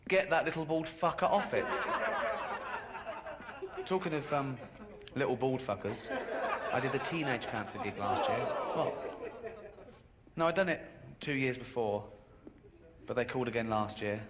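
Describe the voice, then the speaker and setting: Man, stand-up comedian, deadpan storytelling, squeaky outbursts, live stage, audible crowd noise. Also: normal speed, pauses often. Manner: deadpan storytelling with sudden high-pitched outbursts. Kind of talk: stand-up routine.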